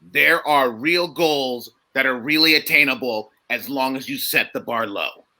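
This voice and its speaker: A man in an improv comedy show speaking in a deadpan, self-satisfied way. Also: mid-range voice, unhurried, pitched below the performer's own voice.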